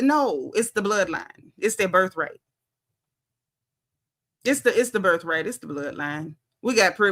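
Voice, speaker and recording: A woman talks straight to her viewers about a reality show, sassy and emphatic. Her voice is bright and sits a little high. She leans on her punchlines and repeats them for effect. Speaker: reality TV commentary vlogger. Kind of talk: casual reality TV commentary.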